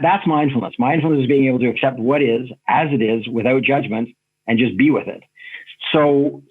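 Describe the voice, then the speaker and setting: A man speaks as a podcast guest, in an earnest and reflective way, working through ideas with examples and stories. His voice is husky and a little breathy. It comes through a narrow, tinny remote call line. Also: medium pitch. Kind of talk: reflective conversational storytelling.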